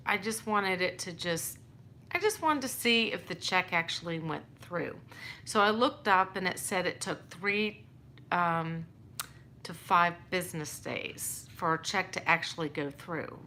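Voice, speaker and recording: A woman's voice: mid-range voice, unhurried, pushed and bright, a little hiss or hum. A woman telling a personal story in a casual, rambling way, exasperated and restarting often.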